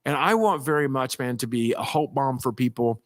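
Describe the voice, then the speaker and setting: A male pastor tells stories in a folksy, rambling, casual way, at medium pitch and normal speed with no room sound. He's animated and raises his voice to act out the people he quotes.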